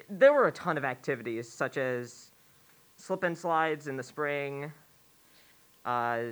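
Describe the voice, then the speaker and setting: Teen male storyteller, slow and smooth, rambling with many fillers. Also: mid-range voice, fairly bright tone. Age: teens. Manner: unhurried, digressive, frequent "uh" and "um". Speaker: student storyteller. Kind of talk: personal story told live.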